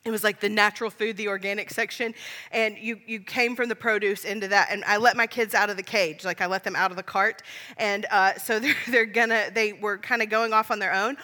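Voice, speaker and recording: A woman's voice: mid-range voice, fairly even intonation, brisk, sharp tone, in a large hall. A woman in her thirties preaching a sermon, telling funny family stories in a chatty, self-deprecating way and laughing along.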